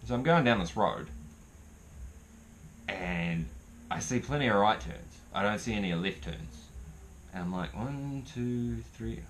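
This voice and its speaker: A man's voice: sits low, fairly bright tone, a little hiss or hum. A young man telling a rambling, profane story in casual storytelling style. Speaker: vlogger.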